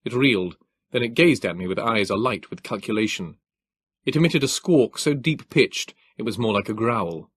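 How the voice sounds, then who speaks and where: Low, husky male audiobook narrator. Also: animated, no echo, clean studio sound. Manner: measured, formal storytelling.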